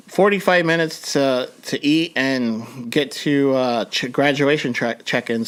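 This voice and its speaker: A young man, a podcast host telling a personal story in a rambling, halting way, with many restarts and fillers. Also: mid-range voice, clear, resonant tone.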